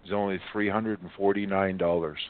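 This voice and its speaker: A man with a low voice talks unhurriedly in a casual radio chat, drawing out each detail as he lists it. He sounds thin and tinny, like he is on a phone line. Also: fairly even intonation, fairly quick.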